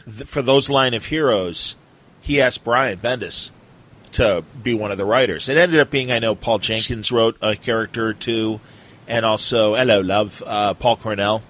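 A man's voice: fairly low pitch, normal speed, fairly bright tone, rough recording. A man hosting a podcast, chatting casually in a rambling, enthusiastic way with lots of fillers. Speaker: podcast host. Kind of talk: casual chat.

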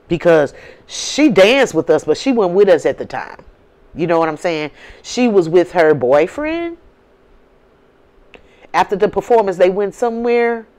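Low-voiced woman telling a story bluntly. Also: sing-song, measured pace, long pauses, a little mellow. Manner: frequent "you know what I'm saying" tag; blunt, profane and conversational. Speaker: advice channel host. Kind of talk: candid personal storytelling.

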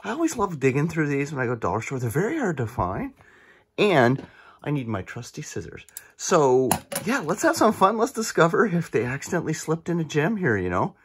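Husky man opening card packs. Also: fairly high pitch, a little fast. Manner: excited, chatty, reacts to each card. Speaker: card collecting channel host. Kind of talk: casual pack-opening commentary.

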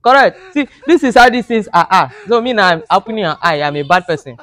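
A man's voice: high voice, animated, quick pace, pushed and bright. Mock-outraged comic man. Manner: mock-outraged, pleading, broken English for laughs. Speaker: comedian. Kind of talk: comic monologue to camera.

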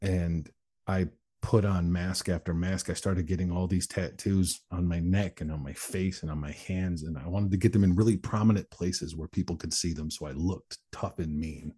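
A man speaks as an interview guest, recounting his own life bluntly and without polish, swearing now and then. His voice sits low and dark with a husky, breathy edge. He talks plainly, like someone used to telling this story to a crowd. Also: steady tone, normal speed. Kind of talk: candid personal storytelling in conversation.

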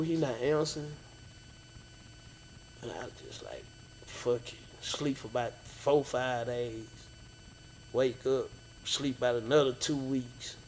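A man retelling past events in a relaxed, rambling way, dropping slang like "fam" and "bro". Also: medium pitch, a little hiss or hum, rough recording. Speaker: interviewee, friend of the late DJ. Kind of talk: casual storytelling interview.

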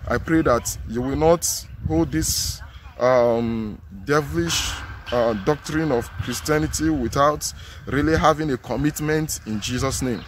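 Nigerian guy preaching outside, kinda high voice, faint traffic hum behind, keeps repeating himself for emphasis. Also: moderate pace, fairly bright tone. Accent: Nigerian English. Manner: earnest, emphatic, repeats phrases. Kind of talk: sermon.

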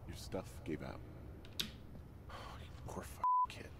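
Casting: a weary fire lookout, very deep, subdued, swinging pitch, noisy game audio. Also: male voice, wildly swooping pitch, slow pace, full character voice. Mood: somber. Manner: subdued, somber. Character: weary middle-aged male fire lookout. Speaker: game character.

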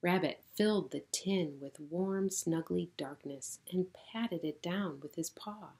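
A middle-aged woman pastor reading a children's story aloud in a gentle storytelling manner. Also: on the low side. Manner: gentle, slow, warm storytelling.

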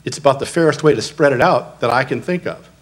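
A man's voice: medium pitch, fast talker. Middle-aged male consultant, emphatic and explanatory, addressing a public meeting. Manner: emphatic, explanatory, stresses key words. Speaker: assessment consultant addressing city commission. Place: city commission meeting.

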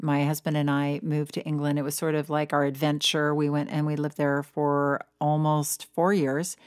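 A woman's voice: deep voice, clean tone, no room sound, studio quality. A middle-aged woman hosting a casual solo podcast as a weight loss coach, chatty and self-deprecating, laughing at herself.

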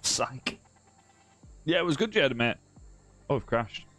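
A man's voice: mid-range voice, animated, takes it slowly, a bit bright, soft background music. A southern English man hosting a live fishing-game stream, chatting casually with viewers, teasing them and tagging lines with "mate". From southern England. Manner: chatty and teasing, many "mate" and "bro" tags, restarts. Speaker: live-stream gamer host. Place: home room.

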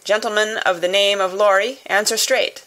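A woman voicing a gruff, wary male coach guard who growls and shouts commands in an audiobook reading. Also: mid-range voice, steady tone, moderate pace, lightly acted, low-quality recording. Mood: threatening. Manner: loud, barking commands. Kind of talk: audiobook character voice.

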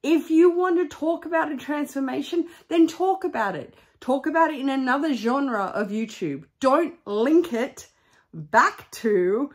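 A woman's voice: high voice, expressive, a little slow. A middle-aged woman vlogging, talking emphatically and getting heated. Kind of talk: candid vlog rant.

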